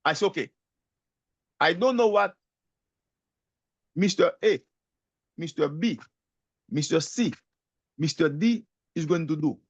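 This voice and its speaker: A man speaking as an emphatic, animated guest speaker, his fairly high voice carrying a gravelly rasp. The sound is dry and close, though the audio comes across dull and lo-fi. He delivers a motivational sales talk with lively storytelling. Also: slow pace, pauses often, no room sound. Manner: emphatic, animated storytelling, keeps addressing the host by name.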